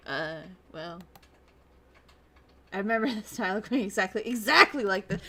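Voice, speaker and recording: A woman's voice: mid-range voice, expressive, moderate pace, pushed and bright, slight background noise. A young woman streaming a visual novel, reading its narration aloud and chatting casually, swearing and laughing as she goes. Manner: chatty, swears freely, laughs, bursts into exaggerated rants. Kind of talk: casual livestream chat and reading game text aloud.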